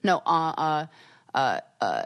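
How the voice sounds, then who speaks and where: A woman's voice: low voice, takes it slowly. Fired-up woman co-host in casual chat. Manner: animated, worked up, acts out quoted retorts. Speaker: podcast co-host.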